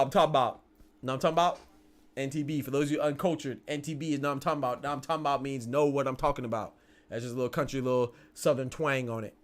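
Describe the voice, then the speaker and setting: A man hosting a live boxing stream, chatting casually and asking viewers whether they follow him. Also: a little high. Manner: chatty, tag questions, quick restarts.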